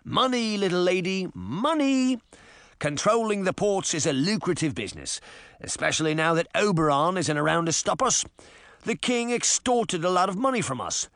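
A man's voice: high-pitched, lively intonation, normal speed, fairly bright tone, no echo, studio quality, pitched above the performer's own voice. A man voicing an old, gray-haired pirate boss who talks in a pompous, self-satisfied way in a storybook reading. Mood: smug.

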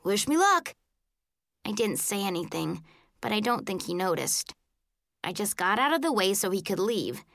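Expressive woman narrating a children's book. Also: medium pitch, moderate pace, gravelly, no echo, clean studio sound. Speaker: audiobook narrator.

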